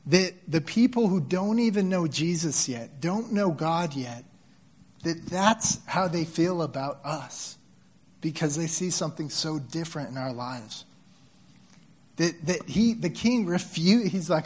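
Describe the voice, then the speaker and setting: A male pastor with a fairly high voice preaches in a relaxed, conversational way. He often restarts his sentences. Now and then his voice swells with feeling. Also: a little slow. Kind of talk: sermon.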